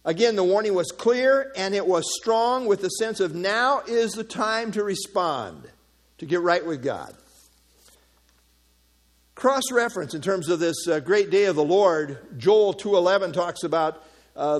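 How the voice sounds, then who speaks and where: A man with a fairly high voice preaches an expository sermon. He teaches earnestly, reads scripture aloud and drops in informal asides. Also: animated, unhurried. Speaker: pastor.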